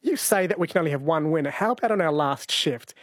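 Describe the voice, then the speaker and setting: A chatty man hosts a radio show, his voice on the higher side. He jokes easily with his co-host, recorded dry and close on a studio mic. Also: animated, fast talker, no echo. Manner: chatty, joking, easygoing. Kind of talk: casual radio banter. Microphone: studio microphone.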